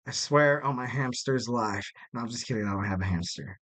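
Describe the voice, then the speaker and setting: A man's voice: medium pitch, brisk, fairly bright tone. Jokey, rambling podcast host, a man. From West Coast of the United States. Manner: rambling, jokey, lots of fillers. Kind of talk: casual solo podcast chat.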